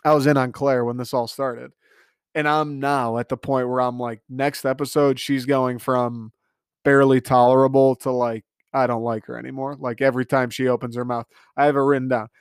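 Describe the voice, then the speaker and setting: A man's voice: mid-range voice, level tone, normal speed, clean tone, no room sound. Ranting young man, dry recording. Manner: sarcastic, ranting, frequent swearing and filler "like". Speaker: podcast host. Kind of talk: casual solo reality TV recap.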